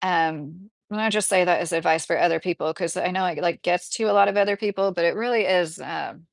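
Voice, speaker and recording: A woman's voice: lowish voice, a little fast, creaky, no room sound. A woman with a Kentucky accent hosting a livestream, chatting in a rambling way with lots of fillers. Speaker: livestream host. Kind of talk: casual livestream chat.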